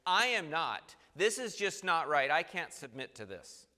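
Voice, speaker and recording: A man's voice: on the high side, very animated, unhurried, pushed and bright, in a large hall, full character voice. A man preaching who acts out a proud, stubborn male apostle speaking haughtily and insistently. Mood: defiant.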